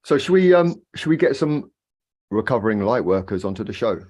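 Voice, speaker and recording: A man's voice: on the low side, sing-song, brisk, a little mellow. A man co-hosting a casual live chat, easygoing and playful in manner. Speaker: co-host.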